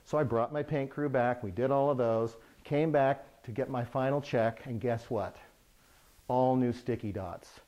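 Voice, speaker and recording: A middle-aged man, a remodeling contractor, telling a humorous anecdote from his work to the camera in a lively way. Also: mid-range voice, measured pace, dull audio. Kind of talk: storytelling to camera.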